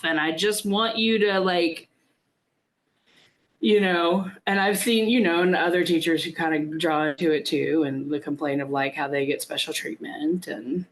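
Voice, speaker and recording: A woman's voice: low-pitched, steady tone, moderate pace. A woman co-hosting a podcast who works as a teacher, rambling bluntly with lots of likes and restarts. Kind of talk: casual film discussion.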